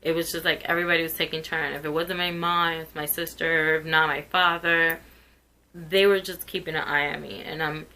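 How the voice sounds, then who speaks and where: A woman's voice: sits low, little pitch movement, fairly quick, bright, forceful tone, rough recording. A woman vlogger telling a painful personal story in an earnest, emotional way. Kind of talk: personal testimony.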